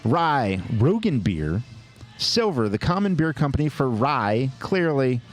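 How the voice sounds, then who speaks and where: A man co-hosting a podcast, jokingly rattling through a list of award winners with quick asides. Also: medium pitch, very animated, soft background music. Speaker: podcast co-host. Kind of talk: casual chat, reading award lists.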